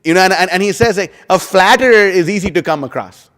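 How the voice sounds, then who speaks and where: A man giving a casual scripture class, rambling and animated, with lots of "you know" and "like". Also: high-pitched, fast talker. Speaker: devotional class speaker. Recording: long hall reverb.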